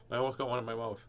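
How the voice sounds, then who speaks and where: Animated man reading picture books aloud. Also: medium pitch, noisy background. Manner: chatty, animated, with dramatic giant lines. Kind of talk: storybook read-aloud with chat.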